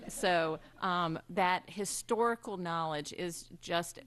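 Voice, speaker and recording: A woman presiding over a school board meeting, giving a formal tribute speech with many pauses and ums. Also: lowish voice, steady tone. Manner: warm halting delivery with frequent ums. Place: public meeting room.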